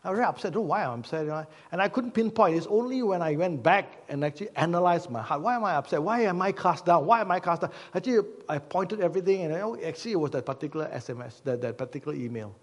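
A man's voice: on the high side, animated, rapid-fire, few pauses. A man preaching a sermon as pastor, conversational, with many fillers and repeated rhetorical questions. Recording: long hall reverb.

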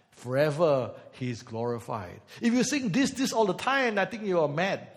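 A male pastor with a high voice preaches a conversational sermon in a large hall. He teases the congregation and breaks into snatches of song.

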